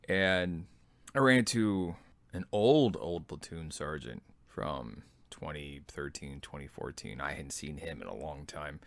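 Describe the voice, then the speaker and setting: A man in his thirties, an army veteran, telling his own story as a podcast host in a relaxed, self-deprecating way. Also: extremely low pitch, unhurried, vocal fry, no echo. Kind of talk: personal memoir storytelling.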